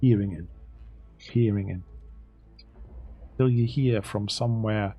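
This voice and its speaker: A man whose first language is German, narrating as game master and pausing to check rules. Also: lowish voice, mellow, slightly rough, soft background music. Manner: descriptive, stops to check rules.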